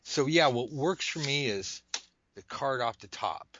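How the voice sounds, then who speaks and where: An adult man casually demonstrating a tarot card method at a table indoors, talking in a rambling, joking way with animated asides. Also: medium pitch, a little slow, no echo, lo-fi sound. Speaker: tarot reader teaching a method.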